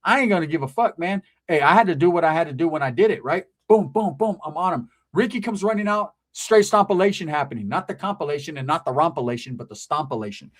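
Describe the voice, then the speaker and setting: A man telling a comedic street story in profane slang, in an animated way. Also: on the high side, fast, few pauses.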